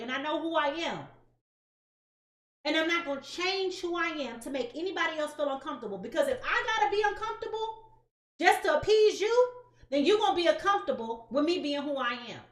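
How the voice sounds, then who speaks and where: A high-pitched woman chats directly with her audience, animated and sassy, leaning hard on her words. The sound has a roomy echo around it. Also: fairly quick. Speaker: tarot reader. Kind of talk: casual direct-to-camera chat.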